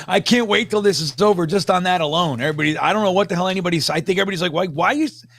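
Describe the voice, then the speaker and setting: High-voiced chatty man on a panel. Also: very fast, no room sound. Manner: chatty, excitable storyteller. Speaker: panelist and fan channel creator. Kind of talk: casual panel chat.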